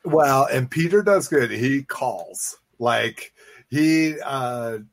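A man's voice: medium pitch, drawn-out words, no echo. Profane man hosting a casual podcast. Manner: loose, profane, restarts often. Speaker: podcast host. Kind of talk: casual chat.

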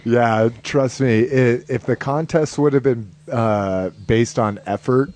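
A man's voice: medium pitch, takes it slowly, darkish tone. A man from New Mexico, co-hosting a podcast, telling loose stories with frequent laughs. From New Mexico, United States. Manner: laughing, loose storytelling with swearing. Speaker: podcast co-host. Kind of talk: casual chat.

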